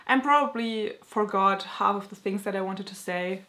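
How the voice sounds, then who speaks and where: A young woman vlogger in casual chat, rambling excitedly and using many filler words. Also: mid-range voice, moderate pace. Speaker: book vlogger.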